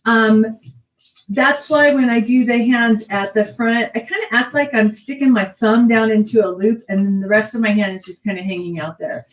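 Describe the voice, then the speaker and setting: Echoey belly dance teacher counting moves. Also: female voice, a little high, fairly even intonation, moderate pace, distant mic. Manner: counts moves aloud, chatty asides. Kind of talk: online dance class instruction.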